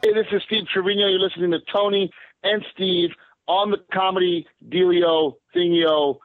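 A man's voice: high-pitched, steady tone, normal speed. Male comic station ID, jokey hype, phone-line quality. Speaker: comedian doing a radio station ID. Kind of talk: promo spot. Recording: tinny phone-line sound, dry.

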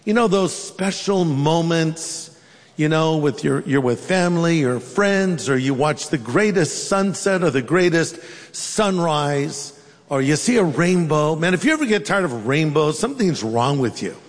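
A man's voice: a little high, lively intonation, a little slow, big-room sound. A man preaching a sermon as pastor, telling stories with humorous asides.

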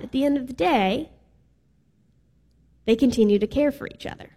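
A woman's voice: a little high, normal speed, pauses often, darkish tone. A woman preaching a sermon in a casual, playful way with some filler words. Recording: reverberant hall.

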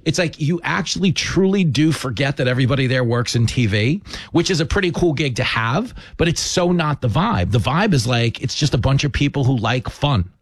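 American guy host, really lively voice going up and down, emphatic. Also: medium pitch, brisk, husky, no room sound. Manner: emphatic, animated storyteller. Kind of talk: casual chat.

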